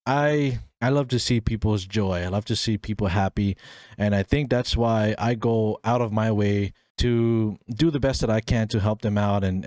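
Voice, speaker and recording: Young man, twenties, solo podcast host; chatty and animated, does voices in his stories, dry close mic. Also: mid-range voice, no room sound. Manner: animated storyteller, acts out voices in quotes, laughs often. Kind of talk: casual solo podcast storytelling.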